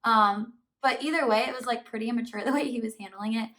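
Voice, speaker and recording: A woman vlogger recounts a story straight to her viewers in a relaxed, chatty storytime style, filling her sentences with "like". Her voice sits a little on the high side. She sounds a bit distant, as if the mic were placed some way off. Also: fast. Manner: chatty, fillers of "like" throughout, animated retelling. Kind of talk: casual storytime to camera. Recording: voice somewhat far from the mic.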